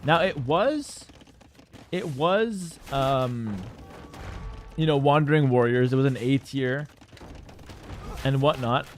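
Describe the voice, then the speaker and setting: A man casting a strategy game tournament live, casual and opinionated, breaking into excited shouts at big plays. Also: mid-range voice, slow, long pauses, slight background noise. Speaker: esports caster.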